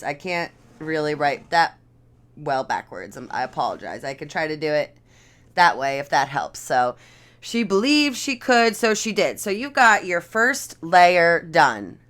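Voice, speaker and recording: A woman's voice: lowish voice, fairly bright tone. A young adult woman giving a casual, encouraging art lesson from her living room, chatting while she draws. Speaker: art instructor.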